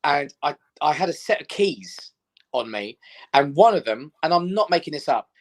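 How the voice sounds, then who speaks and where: Speaking at a moderate pace in a slightly high voice, this middle-aged comedian guest from England spins lively anecdotes in casual conversation. He performs the voices of the people he quotes.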